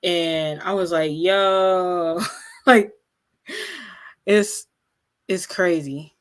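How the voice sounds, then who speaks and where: A woman co-hosting a live watch party, talking in an excitable casual way with lots of fillers. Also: lowish voice, drawn-out words. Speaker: livestream co-host.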